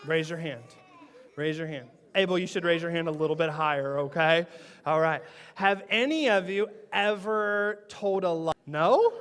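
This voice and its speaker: A man's voice: on the high side, normal speed, a bit bright, a faint crowd. A man leading a playful children's sermon in church, teasing and quizzing the kids. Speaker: children's pastor. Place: church sanctuary. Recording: echoey church sanctuary.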